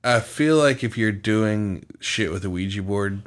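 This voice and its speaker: Laid-back, lower-voiced male co-host. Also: unhurried. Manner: laid-back and slangy, swears casually. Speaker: podcast co-host. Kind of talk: casual chat.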